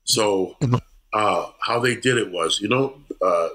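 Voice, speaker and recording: A man who is a comedian telling lively stories on a podcast, laughing and restarting his words. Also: lowish voice, slow, low-quality recording. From Canada. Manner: animated, laughing storyteller, repeats words. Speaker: comedian guest. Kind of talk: casual storytelling chat.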